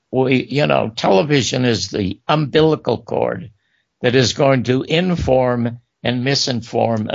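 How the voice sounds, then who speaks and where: An older man spins career anecdotes in a gravelly voice with a wide, lively swing in pitch. He slips into the voices of the people he quotes. The sound is dry and a little dull, like a modest recording setup. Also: no echo. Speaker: talk show host recounting career. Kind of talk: storytelling interview.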